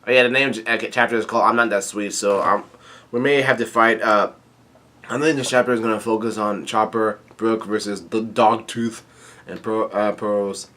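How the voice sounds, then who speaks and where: With a sharp, lowish voice and fairly flat intonation, this man moves at a moderate pace through his informal chapter recap. He reads manga lines aloud, rambling with lots of fillers and false starts.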